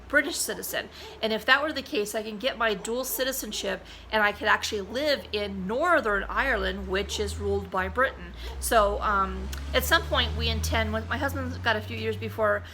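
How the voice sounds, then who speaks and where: A woman's voice: mid-range voice, bright, forceful tone, a little hiss or hum, poor audio. A middle-aged woman vlogger talking casually to the camera, rambling with many fillers and restarts.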